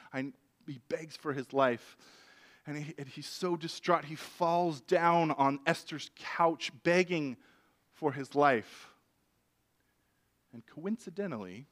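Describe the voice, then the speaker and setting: A man preaching a sermon, retelling an old story in a lively, conversational way. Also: mid-range voice.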